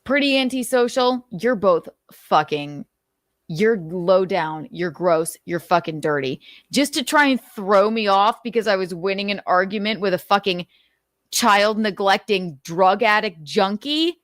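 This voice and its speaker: A woman hosting a livestream delivers a heated commentary rant, angry and swearing constantly, firing off repeated rhetorical questions and at times choking up with emotion. Her mid-range voice is expressive and fairly bright, unhurried in pace, recorded at studio quality with no echo.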